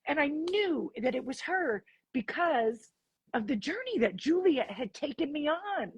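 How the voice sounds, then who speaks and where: A woman guest on an interview podcast, telling a personal story in an animated way and acting out the dialogue. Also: high voice, measured pace, no room sound. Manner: animated, acts out dialogue in her stories.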